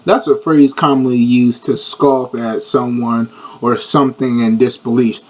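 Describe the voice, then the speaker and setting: A man co-hosting a podcast in casual chat, playful and animated, often repeating words. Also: medium pitch, measured pace, poor audio. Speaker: podcast co-host.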